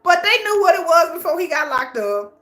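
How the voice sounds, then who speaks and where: A woman's voice: very high voice, big pitch swings, brisk, sharp tone. A woman, giving blunt, slangy commentary as she hosts a live watch-along of a TV show.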